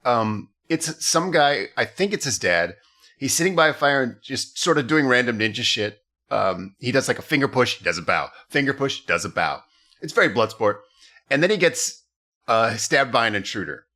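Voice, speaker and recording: A man co-hosts a comedy podcast, recapping a cheap movie with wry, profane jokes. His voice is bright and lively, swinging up and down as he tells it. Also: medium pitch. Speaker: podcast co-host.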